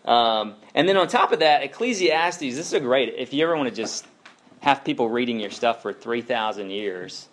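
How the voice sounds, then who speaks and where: A man in his thirties, a pastor preaching a sermon in a conversational, animated way, full of asides and questions to the congregation. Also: mid-range voice, moderate pace.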